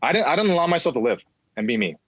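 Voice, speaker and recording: A man's voice: on the high side, racing, slightly rough, no room sound, rough recording. Candid man telling his story, dry. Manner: animated, acts out voices, swears freely. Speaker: podcast guest, comedian.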